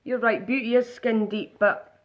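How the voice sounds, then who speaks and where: A woman's voice: a little high, fairly even intonation, unhurried. A woman chatting casually through a live makeup demonstration, narrating each step aloud.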